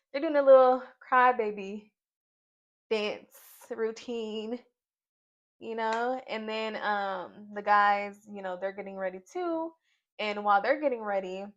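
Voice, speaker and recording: Sassy woman from nashville dishing on reality tv, kinda high voice, chatty and playful. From Nashville, Tennessee, US. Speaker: YouTube reality TV reviewer. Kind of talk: casual recap vlog. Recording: dull lo-fi sound.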